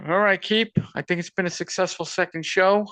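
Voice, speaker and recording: A man's voice: high voice, fairly even intonation, a little fast, pushed and bright, clean tone, no echo. A man hosting a casual sports betting podcast, bantering and joking crudely with his co-host.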